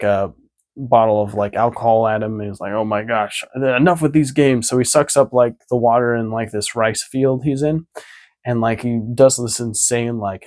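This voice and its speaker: A man vlogging a casual episode recap, rambling with many fillers. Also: medium pitch.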